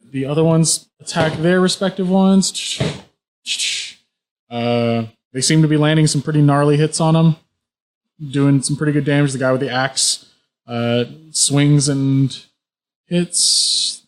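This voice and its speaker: A man's voice: a little high, fairly even intonation, measured pace, darkish tone. A man running a tabletop game as game master, narrating casually with frequent laughs and fillers. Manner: easygoing, laughs often, filler-heavy narration.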